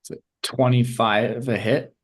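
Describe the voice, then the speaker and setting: A man's voice: mid-range voice, fairly even intonation, unhurried. A man playing a tabletop game, joking around and talking loosely. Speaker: player. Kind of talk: casual tabletop game chat.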